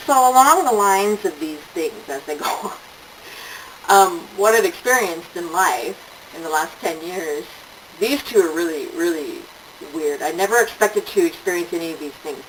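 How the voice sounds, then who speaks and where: A woman's voice: on the low side, lively intonation, moderate pace, far from the mic, slight background noise, rough recording. An older woman talking casually on camera, telling stories with laughing asides. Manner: chatty storytelling, acts out quoted voices, laughing asides. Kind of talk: casual monologue.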